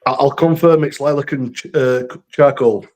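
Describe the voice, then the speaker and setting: A man's voice: medium pitch, moderate pace, darkish tone. A man chatting on a rugby fan panel, hesitant with restarts and blunt opinions. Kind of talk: casual panel chat.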